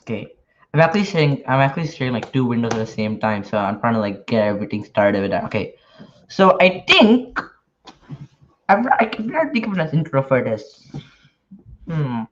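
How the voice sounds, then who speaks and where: A man talks casually on a livestream while he writes, nervous and halting, often restarting his sentences. His voice sits at an ordinary middle pitch. The stream audio is dull and lo-fi. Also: very animated, slight background noise. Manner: nervous, hesitant, many restarts. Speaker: podcaster and newsletter writer.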